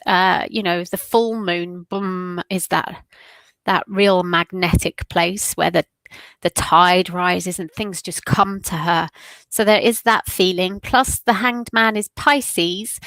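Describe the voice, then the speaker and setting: A woman's voice: mid-range voice, a bit bright, dry recording. A woman hosting a weekly tarot meditation, talking in an emotional, rambling way with a runny nose. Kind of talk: casual spiritual talk.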